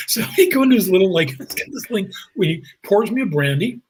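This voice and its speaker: Brief: guest actor, husky, animated anecdote teller. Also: male voice, sits high, a little fast, rough recording. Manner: animated, jumps into voices, laughs through stories. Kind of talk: anecdotal storytelling.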